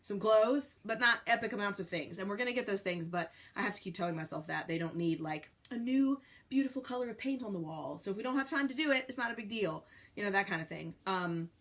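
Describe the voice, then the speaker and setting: A woman's voice: mid-range voice, expressive, fast talker, a bit bright. A young pregnant woman talking candidly to the camera in a rambling, casual way, with many fillers. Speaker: pregnant vlogger.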